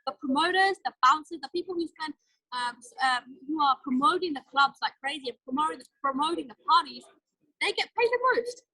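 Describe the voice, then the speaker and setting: A woman giving a motivational sales training talk, energetic and direct in a coaching tone. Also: sits high, a little fast, no echo, rough recording.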